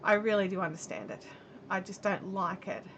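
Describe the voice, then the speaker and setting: A woman's voice: mid-range voice, steady tone, moderate pace, a bit bright, muffled recording, slight background noise. A middle-aged Australian woman hosting a live stream at home, chatting in a rambling way and reading viewer comments aloud while she crochets. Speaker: livestream host. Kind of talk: casual chat while crocheting. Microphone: camera mic on a live stream.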